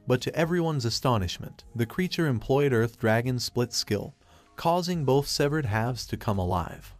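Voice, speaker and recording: A man narrates a scripted story recap in a steady, unhurried manner, telling everything in the third person. His voice sits in an ordinary middle range for a man. The recording is dry and close, with no room sound. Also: mid-range voice, no echo.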